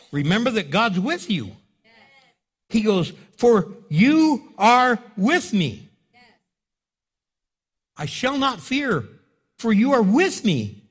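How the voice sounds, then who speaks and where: High-pitched middle-aged guy preaching, animated, does little voices. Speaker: pastor. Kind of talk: sermon.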